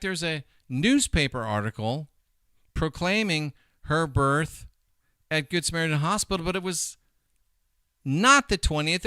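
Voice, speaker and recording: A middle-aged man gives casual commentary with an animated, emphatic delivery that keeps drifting into asides. His voice is bright and smooth, and it is recorded close and dry. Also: a little high, dry recording. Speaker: host.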